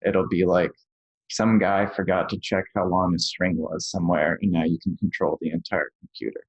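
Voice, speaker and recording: A software engineer appearing as a podcast guest explains technical points plainly and casually, with many fillers. His low, husky voice stays fairly even at normal speed, and the recording has a dry, dull lo-fi sound.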